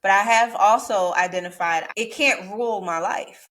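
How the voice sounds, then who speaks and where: A woman's voice: medium pitch, normal speed, fairly bright tone. A woman hosting an interview podcast who speaks in a reflective, faith-minded and affirming way. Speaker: podcast host.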